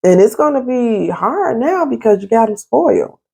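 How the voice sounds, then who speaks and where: A woman's voice: on the high side, very animated, normal speed, vocal fry, mellow, breathy edge. A woman who works as a therapist and life coach, talking straight to her viewers at home in a stern, emphatic way. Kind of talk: casual advice vlog. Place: at home in an apartment.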